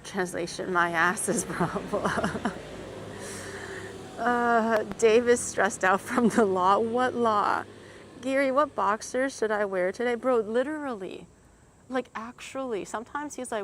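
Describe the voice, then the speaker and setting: A woman's voice: on the high side, unhurried. Chatty woman streamer, teasing and cursing a lot, faint hiss behind. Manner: chatty, teasing, swears freely, laughs often. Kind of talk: casual stream chat.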